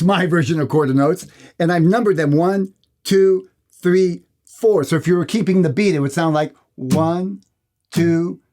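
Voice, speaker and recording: A man with a slightly high voice teaches guitar in a friendly manner. He explains rhythm and counts the beats out loud, and guitar strumming is heard behind him. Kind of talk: guitar lesson.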